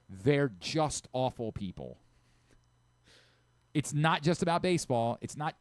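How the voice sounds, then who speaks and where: Man, Baltimore accent, sports radio host; lively ranting pitch, dry close studio sound. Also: dry recording. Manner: animated, ranting, laughs often. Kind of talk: casual sports radio banter.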